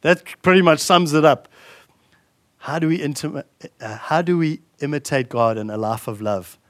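A man delivers a sermon with a somewhat high voice. He builds earnest, emphatic repetitions, then sinks soft and slow on solemn points. The sound is close and dry, with little room around it. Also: no room sound. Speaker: pastor.

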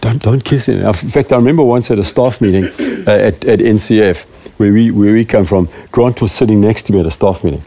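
A man's voice: fairly low pitch, a little fast, dark tone. A middle-aged man, a preaching elder, giving a rambling, self-deprecating talk to a small group of church leaders. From South Africa.

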